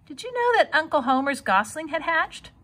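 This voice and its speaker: A woman's voice: high voice, sing-song, normal speed, a bit bright, pitched above the performer's own voice. A woman voicing an eager, chatty young farm girl.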